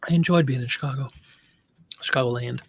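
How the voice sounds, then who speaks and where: A man's voice: medium pitch, fast talker, vocal fry, fairly bright tone, husky. Chatty man hosting a live stream. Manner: chatty, reads and answers viewer comments. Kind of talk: casual live-stream chat.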